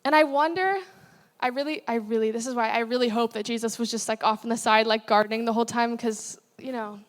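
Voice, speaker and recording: A woman's voice: on the high side, steady tone, fast. Chatty young woman preaching in an echoing hall. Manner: casual and chatty with many fillers and laughs. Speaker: guest speaker. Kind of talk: sermon. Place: church hall. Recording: long hall reverb.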